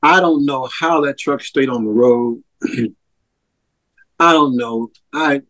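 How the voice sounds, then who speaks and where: A man's voice: mid-range voice, fairly bright tone. A man telling his personal testimony as an interview guest, earnest and heartfelt. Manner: earnest storyteller, slow and heartfelt. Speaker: interview guest, ministry co-founder.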